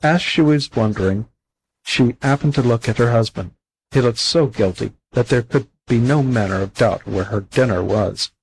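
A man reading a children's fable aloud as a volunteer audiobook narrator, calm and unhurried. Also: medium pitch, husky, rough recording. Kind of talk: storybook narration.

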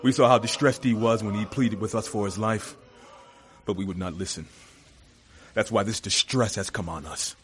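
An actor playing a guilt-ridden brother in an audio drama, speaking gravely and with remorse. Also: male voice, on the low side, normal speed, natural voice. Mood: remorseful.

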